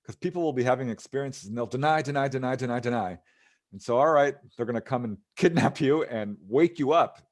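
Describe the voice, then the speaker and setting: A man's voice: mid-range voice, brisk. A man, a ufologist guest on an interview show, casually retelling encounter stories, often chuckling and using fillers.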